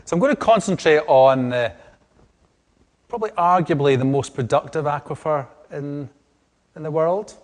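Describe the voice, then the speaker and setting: A man's voice: a little high, normal speed, long pauses. A middle-aged man from Scotland with a strong Scottish accent, giving an academic lecture with frequent restarts and fillers. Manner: hesitant, many restarts and fillers. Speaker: lecturer on groundwater.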